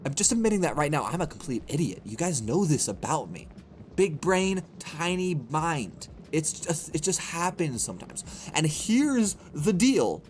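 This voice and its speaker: A man's voice: on the high side, very animated, normal speed, slight background noise. A man streaming a game, talking to his chat in playful, self-mocking mini rants. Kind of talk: livestream gameplay commentary.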